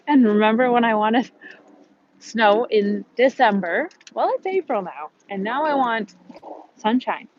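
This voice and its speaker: A woman's voice: on the high side, animated, unhurried, highs cut off, slight background noise. A woman with a Midwestern American accent hosting a casual live stream outdoors by a harbor, greeting viewers by name and laughing often.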